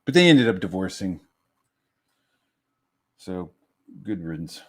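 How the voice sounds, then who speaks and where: A man with a fairly low voice tells a personal story in a loose, rambling way. He curses often, restarts his sentences, and piles up fillers as he goes. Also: very animated, slow pace. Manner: rambling, profane, self-interrupting. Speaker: streamer. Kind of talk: casual storytelling.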